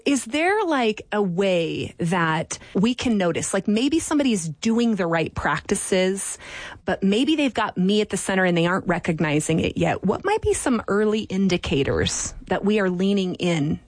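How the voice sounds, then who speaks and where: A woman's voice: medium pitch, big pitch swings, normal speed, no room sound. A woman hosting an interview, asking follow-up questions and summarizing what her guest said. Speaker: host. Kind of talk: conversational interview.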